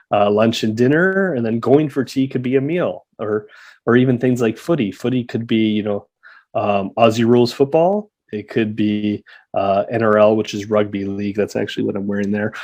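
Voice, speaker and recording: A man's voice: medium pitch, darkish tone. A man in his thirties with a Canadian accent, chatting casually on a podcast and explaining local slang with easy laughs. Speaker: podcast co-host living in Australia. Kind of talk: casual chat.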